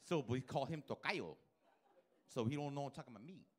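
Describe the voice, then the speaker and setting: A man's voice: mid-range voice, lively intonation, brisk, slightly rough. A male stand-up comedian on a comedy club stage, doing brash, profane, teasing crowd work with the audience.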